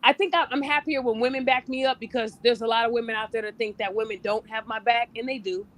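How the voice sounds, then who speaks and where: High-voiced blunt woman podcast host. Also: fast. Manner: blunt, animated, acts out quoted voices. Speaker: podcast host and relationship coach. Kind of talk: casual podcast chat.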